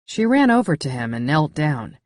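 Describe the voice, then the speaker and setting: A woman narrating a first-person thriller audiobook in a measured, intimate way on a close studio mic. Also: sits low, very animated, no echo.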